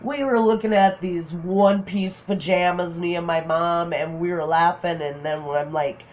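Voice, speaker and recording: A woman's voice: lowish voice, steady tone, normal speed, few pauses. A middle-aged woman, a grandmother telling funny family stories in casual chat, laughing often and acting out what people said. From Minnesota, USA. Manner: laughs often, acts out quotes. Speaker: crafting channel host.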